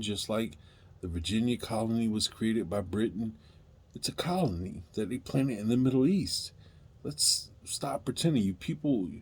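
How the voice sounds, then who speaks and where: A man speaking directly to viewers in an impassioned, emphatic monologue, pleading at times and rising to loud outbursts. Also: on the low side, slightly rough. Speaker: video commentator.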